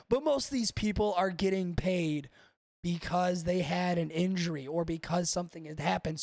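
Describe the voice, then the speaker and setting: A man hosts a podcast in loose, rambling banter and swears freely. His voice is high for a man and gravelly. The sound is close and dry. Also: a little mellow, dry recording. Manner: rambling, swears freely, talks to live chat. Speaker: podcast host. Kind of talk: casual profane chat.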